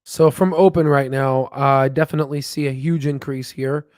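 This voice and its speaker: A man's voice: mid-range voice, steady tone, normal speed, a little mellow, no room sound, clean studio sound. Rambling man hosting a stock livestream. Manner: rambling, filler-heavy, thinks aloud with restarts. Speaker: stock market livestream host. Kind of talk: casual live chat while reading charts.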